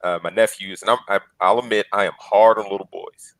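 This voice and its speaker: A man's voice: fairly low pitch, steady tone, a little fast, creaky, a bit bright, no echo, low-quality recording. A man in his forties on a podcast panel, telling earnest stories and acting out the lines he quotes. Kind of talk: casual panel discussion.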